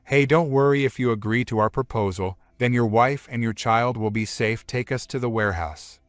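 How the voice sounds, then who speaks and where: A man's voice: mid-range voice, moderate pace, dry recording, lightly acted. A man voicing a thuggish man who threatens a family, speaking bluntly and with menace. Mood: coaxing.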